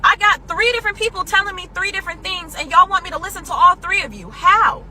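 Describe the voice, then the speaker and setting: A woman's voice: extremely high pitch, fast, a crowd in the background, low-quality recording. A woman venting to camera in an exasperated, explaining tone. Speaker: content creator in a clip.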